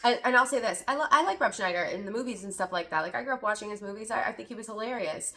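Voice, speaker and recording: A woman's voice: a little high, animated, very fast, sharp tone. A woman hosting a podcast, reacting to a clip with indignant, sarcastic, profane commentary. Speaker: podcast host.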